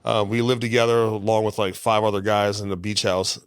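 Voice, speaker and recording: A man in his fifties with a low voice tells long, rambling stories as a guest, laughing as he goes. The sound is dry and close, with no room around it. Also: flat delivery, a little fast, clean tone, no room sound. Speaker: guest comedian. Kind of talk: casual interview storytelling.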